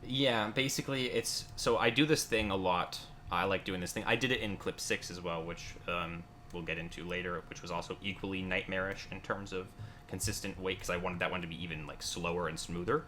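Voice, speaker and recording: Guest builder, male, very low but bright voice, rambling casual talk with lots of fillers, faint background noise. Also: fairly even intonation, brisk. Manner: rambling, many fillers and restarts. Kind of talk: casual conversation.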